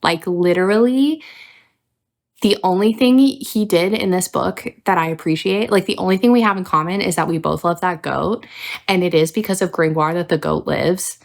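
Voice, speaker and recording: A woman's voice: fairly low pitch, moderate pace, vocal fry. A young adult woman hosting a casual book review video, ranting with plenty of swearing. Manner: ranting, profane, animated.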